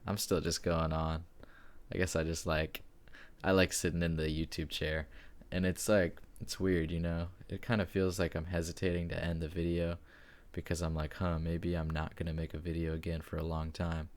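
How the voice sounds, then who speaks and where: A man's voice: low-pitched, level tone, normal speed. A young man, a student, chatting casually and rambling with lots of fillers as he plays a game late at night. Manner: rambling, hesitant, full of likes. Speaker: gaming YouTuber. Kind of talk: casual chat while playing a game.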